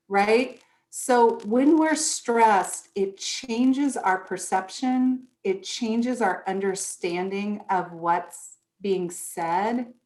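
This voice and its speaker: Woman workshop presenter, unhurried, explanatory delivery, roomy echo. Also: medium pitch. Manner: explanatory, acts out example thoughts. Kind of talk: online workshop talk. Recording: echoey room.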